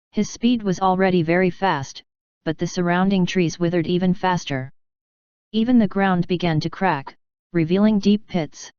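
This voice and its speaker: A woman narrating a fantasy novel audiobook in a steady, even reading. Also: lowish voice, clear, resonant tone, dry recording, lo-fi sound.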